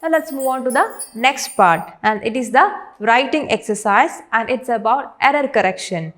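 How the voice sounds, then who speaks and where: Brief: woman teacher, recorded class lesson, patient step-by-step delivery, a touch high-pitched. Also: lively intonation, a bit bright. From India. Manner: patient, explains step by step, reads words out slowly.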